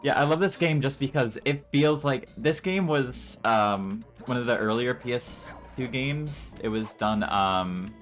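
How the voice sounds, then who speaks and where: A man's voice: medium pitch, animated, measured pace, few pauses. A man streaming a video game and chatting casually about it, rambling a little as he goes. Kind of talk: casual gameplay commentary. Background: game music.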